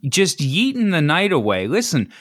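An American man talks loosely on a podcast, circling back on himself and laughing at his own slips. His pitch leaps and dips with real animation, and the close-miked sound is dry with no room around it. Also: wildly swooping pitch, moderate pace, a bit bright, no room sound. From United States. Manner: rambling, self-deprecating, laughs often. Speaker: podcast co-host. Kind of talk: casual chat.

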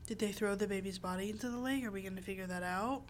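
A woman's voice: medium pitch, quick pace, a little hiss or hum. A young woman co-hosting a casual podcast, ranting animatedly about books and films with exaggerated quoted reactions. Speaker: podcast co-host. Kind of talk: casual chat.

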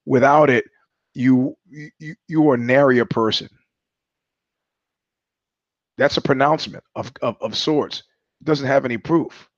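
A man's voice: mid-range voice, no room sound, highs cut off. A man hosting a podcast, talking through a sardonic, rambling monologue with many restarts. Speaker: podcast host. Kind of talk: casual monologue.

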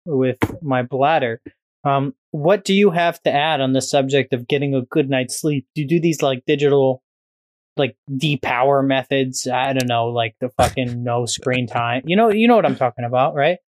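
A man's voice: medium pitch, moderate pace, no echo. A man on a podcast, chatting casually in a rambling, profane, joking way. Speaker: podcast guest.

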